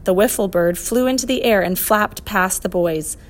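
A woman narrates a children's storybook with steady, clear expression. Her voice sits in a middling register. She keeps an even, unhurried storytelling pace. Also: mid-range voice. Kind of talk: storybook read-aloud narration.

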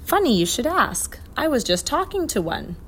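A woman voicing a clever, kindly male professor in a storybook reading, brisk and reassuring. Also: high voice, sing-song, a bit bright, slight background noise, voice pushed up.

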